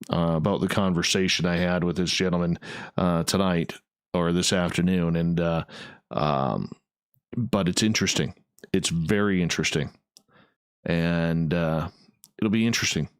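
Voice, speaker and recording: A man's voice: low-pitched, smooth, no room sound, clean studio sound. A man hosting a late-night radio interview, chatty and rambling with a self-mocking streak. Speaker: radio show host.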